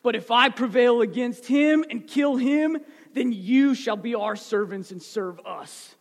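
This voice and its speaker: A man's voice: very high-pitched, a little slow. A man voicing a huge boastful giant warrior who bellows a challenge across a battlefield, within a sermon. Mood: taunting. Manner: loud shouted challenge. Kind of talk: sermon storytelling. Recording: echoey hall.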